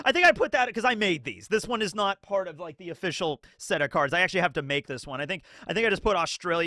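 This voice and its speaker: Animated, high-pitched man commenting on anime. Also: dry recording, studio quality. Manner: animated, acts out quotes, swears casually. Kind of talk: casual spoken video commentary.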